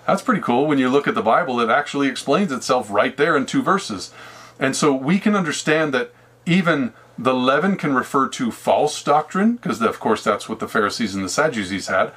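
A man's voice: medium pitch, a bit bright, slightly rough. A man giving a casual sermon, talking conversationally and acting out imagined dialogue with God, with laughs now and then. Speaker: preacher.

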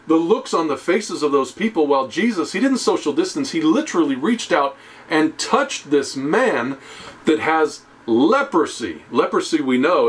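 A man giving a conversational sermon, often checking in with "okay?" and "right?" and slowing down to a hushed tone on key phrases. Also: fairly high pitch. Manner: conversational preaching with tag questions. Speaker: preacher.

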